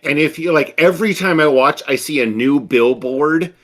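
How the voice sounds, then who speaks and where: A man hosting a casual podcast film discussion, animated and full of fillers, often acting out little asides. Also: on the high side, normal speed. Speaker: podcast host.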